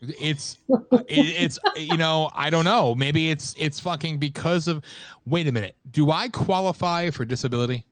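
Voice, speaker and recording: A man's voice: on the high side, lively intonation, moderate pace. A man in his late thirties co-hosting a casual talk show, bitter and sarcastic, swearing freely. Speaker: co-host. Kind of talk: casual podcast chat.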